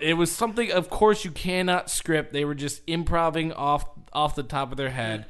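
Laughing, animated man retelling a story. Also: on the high side, normal speed, clean tone. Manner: animated storytelling, acting out quotes, laughing often. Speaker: podcast host. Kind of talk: casual chat.

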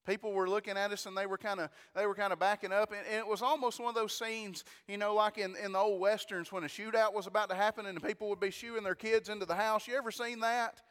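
A man delivers a storytelling sermon in a high, smooth and resonant voice. He talks in an animated way, doubling his words and exclaiming praise. His voice rings with a long reverb, as in a large church hall. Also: fast, few pauses. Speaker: preacher.

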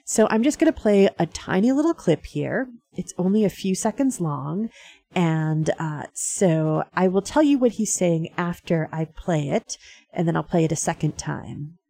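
Female radio host, chatty with fillers, gravelly low voice. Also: lively intonation, unhurried, mellow. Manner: chatty, frequent fillers and laughs. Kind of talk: casual radio talk.

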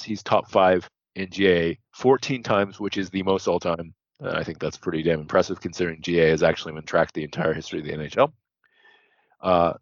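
Low-voiced guy on a podcast reading off stats, keeps correcting himself, dull dry sound. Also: dry recording. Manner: reels off statistics, corrects himself mid-sentence. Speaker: podcast co-host. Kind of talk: casual stats-heavy podcast chat.

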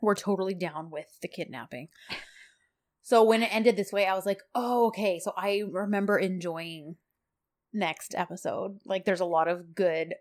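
A woman co-hosting a casual podcast chat, retelling a TV episode with lively acted-out lines. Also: on the low side, moderate pace. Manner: animated retelling, acting out characters' lines. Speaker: podcast co-host.

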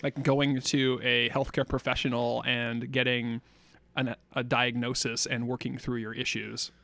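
A man's voice: mid-range voice, level tone, a little slow, vocal fry, bright, forceful tone, dry recording. A tipsy man co-hosting a casual podcast, talking in a dry, wry, thoughtful way. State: tipsy from shots. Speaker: podcast co-host. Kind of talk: casual chat.

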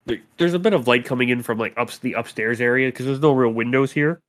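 A man narrating as game master of a tabletop role-playing game, in a loose, chatty way. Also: mid-range voice. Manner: loose, chatty narration with quick put-on character voices.

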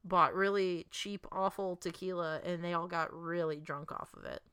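A woman's voice: fairly low pitch, fairly even intonation, normal speed, fairly bright tone, clear, resonant tone. A young woman co-hosting a podcast, chatting casually about a movie with playful jokes and trivia. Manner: playful, jokey, drops trivia and quips. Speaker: podcast co-host. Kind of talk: casual movie recap chat.

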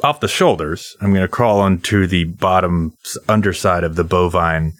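Boisterous bright-voiced man at a game table. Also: low-pitched, normal speed, no echo, clean studio sound. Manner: boisterous, swearing, laughing. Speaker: player.

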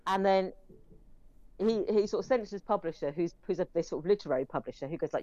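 A woman's voice: fairly low pitch, animated, quick pace, dark tone, dry recording, highs cut off. A woman reviewing films in casual, rambling chat, with many fillers. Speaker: film reviewer.

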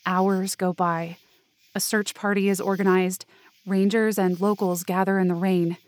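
A woman's voice: mid-range voice, little pitch movement, unhurried, no echo. A woman reading first-person scripted narration for a fiction podcast, in a close, anxious inner-monologue manner.

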